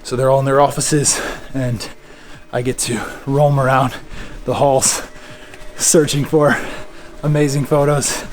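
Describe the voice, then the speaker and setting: A man casually narrating a photography vlog as he walks through a quiet indoor stairwell, with relaxed talk and plenty of fillers. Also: medium pitch, a little slow. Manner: relaxed, chatty, many fillers. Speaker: photography vlogger. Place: large indoor stairwell of a public building.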